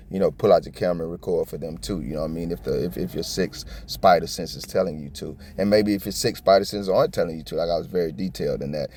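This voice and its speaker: Fast-talking blunt man riffing on camera. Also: low voice. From South Florida. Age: middle-aged. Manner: animated, blunt and profane, fast with stumbles. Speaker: copwatch commentator. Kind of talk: casual reaction commentary.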